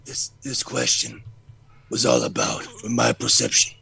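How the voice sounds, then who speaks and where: A man putting on a grim male government official who speaks slowly in a low half-whisper. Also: sing-song, creaky, pushed and bright, breathy edge, full character voice.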